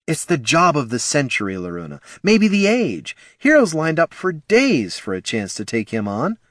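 A man's voice: fairly high pitch, wildly swooping pitch, normal speed, no room sound, studio quality, voice pushed up. A man voicing a confident female elf ranger who coaxes and persuades. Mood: coaxing. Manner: coaxing, persuasive, sure of herself.

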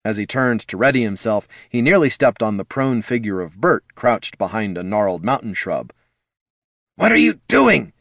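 A man narrating a fantasy audiobook in a measured storytelling manner. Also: fairly low pitch, no echo, clean studio sound. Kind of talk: scripted narration.

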